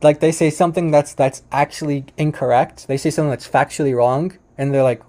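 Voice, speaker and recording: A man talks through debate clips in an easygoing commentary, his voice mellow and dark. He rambles, restarts his sentences often and leans on fillers, with amused chuckles along the way. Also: a little high, steady tone, a little fast, few pauses. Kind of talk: casual commentary over a screen share.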